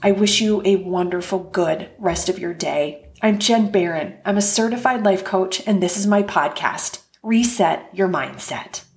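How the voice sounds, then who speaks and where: A woman who is a life coach hosting her own podcast, talking from her office in a gentle, reflective way and repeating key phrases for emphasis. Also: lowish voice, measured pace, few pauses. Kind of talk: solo podcast monologue. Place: home office.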